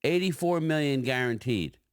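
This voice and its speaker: Animated, argumentative male sports talker. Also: mid-range voice, moderate pace, smooth, no room sound, studio quality. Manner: animated, argumentative, addresses panel directly. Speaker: sports commentator. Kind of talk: opinionated sports talk.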